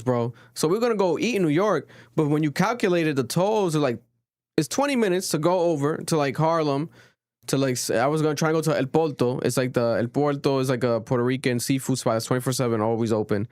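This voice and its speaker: A young man hosting a podcast in casual, rambling chat, swearing often and getting animated. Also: fairly high pitch, fast, no echo, clean studio sound. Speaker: podcast host. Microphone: studio podcast mic.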